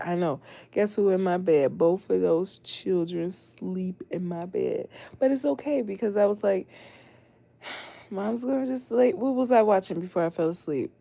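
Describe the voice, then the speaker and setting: A mother hosting a casual late-night livestream, expressive and laughing often, swinging between loud outbursts and hushed talk. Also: lowish voice, gravelly, no room sound. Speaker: livestream host.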